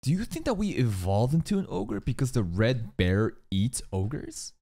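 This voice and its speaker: Excitable young man reacting to anime. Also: mid-range voice, moderate pace. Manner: excitable, swears a lot, talks to the screen. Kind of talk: casual reaction commentary.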